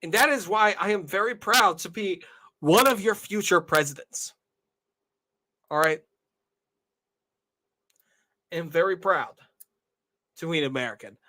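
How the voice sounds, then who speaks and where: A young man in his twenties, hosting his own channel, speaks to viewers in a casual monologue with a high, expressive, pushed and bright voice at normal speed, pausing often. He's emotional and tearing up, talking earnestly and asking "all right?" again and again.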